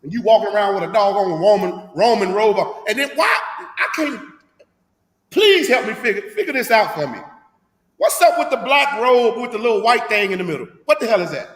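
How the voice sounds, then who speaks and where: A man's voice: high-pitched, animated, fairly quick, echoey room, long reverb tail. A man leading a scripture class, preaching emphatically with rhetorical questions in a street-talk manner.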